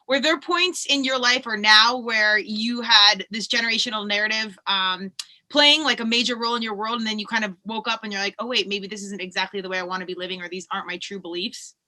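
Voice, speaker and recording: Quick bright-voiced woman podcast host. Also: mid-range voice. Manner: quick, bubbly, lots of "like" fillers. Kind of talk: casual conversational podcast chat.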